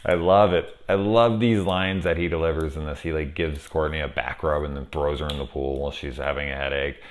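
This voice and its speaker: A man's voice: rumbling low, fairly even intonation, brisk. A man casually reviewing a horror film on camera, rambling, swearing freely and gushing with enthusiasm. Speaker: movie reviewer. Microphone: camera setup at home.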